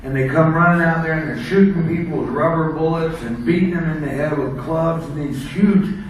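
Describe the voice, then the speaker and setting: A man's voice: fairly high pitch, a little fast, a little hiss or hum. A man from the United States telling rambling wrestling road stories to a seminar audience, laughing at his own jokes. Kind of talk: casual storytelling to an audience. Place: seminar room. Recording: echoey room, mic far off.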